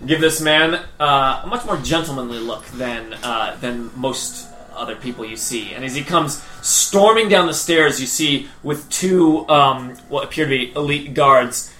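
A man's voice: mid-range voice, measured pace, few pauses, sharp tone, soft background music. A man narrating a tabletop game as game master, descriptive with fillers, in an echoey room.

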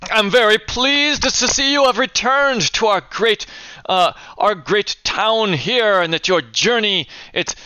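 A man's voice: high voice, bright, forceful tone, clean tone, dry recording, pitched above the performer's own voice. A man playing an effusive dwarf official. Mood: welcoming. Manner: effusive, halting with many fillers. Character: eager, fawning male dwarf town official.

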